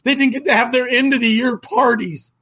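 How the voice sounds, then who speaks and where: A middle-aged man holds forth as host of a ministry talk show, his husky voice sitting fairly high. He hammers his points with repetition and climbs to near-shouts when he gets worked up. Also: fairly even intonation, brisk. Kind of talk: impassioned conversational storytelling.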